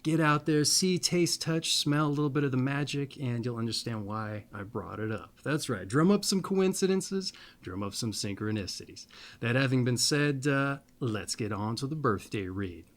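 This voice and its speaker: A man with a middle-pitched voice talks in a loose, playful ramble full of asides. When he reads his text he slows right down and takes it word by word. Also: a bit bright. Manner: slow, deliberate reading of a text. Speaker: astrology video host. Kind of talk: casual monologue and reading aloud.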